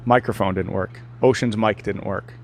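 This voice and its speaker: A man's voice: fairly low pitch, steady tone, normal speed, a little hiss or hum. A man co-hosting a fitness podcast in casual chat, full of teasing wisecracks. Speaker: podcast co-host.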